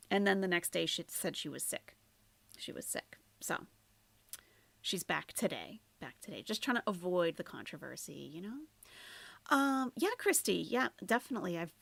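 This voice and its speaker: A woman's voice: fairly low pitch, creaky, fairly bright tone, dry recording. A woman doing casual live-stream commentary, chatty and trailing off, sometimes dropping to near-whispers. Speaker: commentary streamer reacting to a video.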